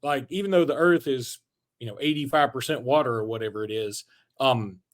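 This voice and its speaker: A man's voice: medium pitch, fairly quick. Joking sports podcast host, man. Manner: loose, joking, rambling with fillers. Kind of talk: casual sports talk with ad reads.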